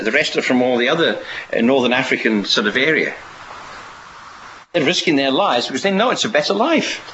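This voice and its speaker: A man's voice: on the high side, a bit bright, slight background noise. A man preaching a sermon in a rambling way, often restarting and asking rhetorical questions. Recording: dull lo-fi recording.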